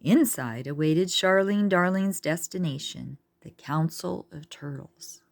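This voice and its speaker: Low-voiced lady reading a kids' book slowly, dry close mic, chatty asides. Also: gravelly, dry recording. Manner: slow, chatty asides to listeners. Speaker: reader. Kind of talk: reading a children's book aloud.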